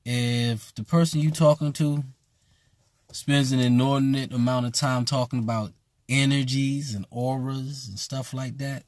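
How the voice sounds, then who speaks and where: A man's voice: mid-range voice, steady tone, measured pace, darkish tone, dry recording. A man who teaches at a voodoo temple, talking bluntly and casually with emphatic repetition. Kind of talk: casual spoken commentary.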